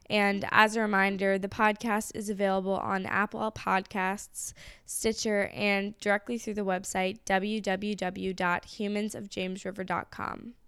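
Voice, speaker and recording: Woman host reading podcast notes, smooth clear voice, dry close sound. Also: mid-range voice, fairly bright tone, dry recording. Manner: reads announcements evenly. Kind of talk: scripted podcast outro and intro.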